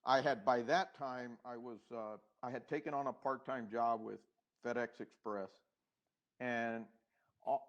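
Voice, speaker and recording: A middle-aged man, a podcast guest, telling his own story in an unhurried, reflective way, with pauses and restarts, and acting out the past conversations. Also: medium pitch, muffled recording. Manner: acts out past dialogue.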